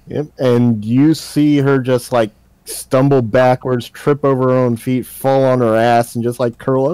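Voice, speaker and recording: A man's voice: medium pitch, steady tone, unhurried, dark tone, smooth, no echo. A man narrating a tabletop game as game master, in a laid-back, jokey way.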